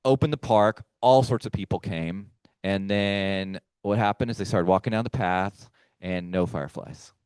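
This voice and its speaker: Lower-voiced man, lecturing casually. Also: normal speed, darkish tone, smooth, dry recording. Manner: conversational, chatty, addresses the audience directly. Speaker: firefly researcher giving a talk. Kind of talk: casual lecture to a live audience. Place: meeting room with a live audience.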